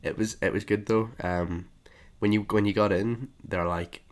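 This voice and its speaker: A man's voice: on the low side, fairly even intonation, normal speed. A young man co-hosting a podcast, rambling and joking through a casual story. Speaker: podcast co-host. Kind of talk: casual chat.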